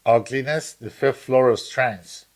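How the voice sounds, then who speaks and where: A man co-hosting a podcast, bantering crudely in a rambling, halting way with lots of fillers. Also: medium pitch. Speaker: podcast co-host.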